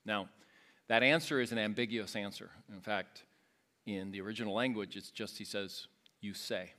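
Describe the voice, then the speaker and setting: A man's voice: on the low side, normal speed, sharp tone. A man teaching a Bible passage verse by verse in an explanatory way, often restarting and adding asides.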